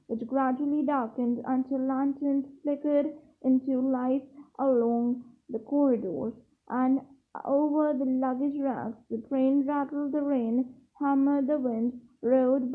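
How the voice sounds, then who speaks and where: A woman reading a novel aloud at a steady pace, with small slips and self-corrections. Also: sits high. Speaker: reader. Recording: tinny phone-like sound.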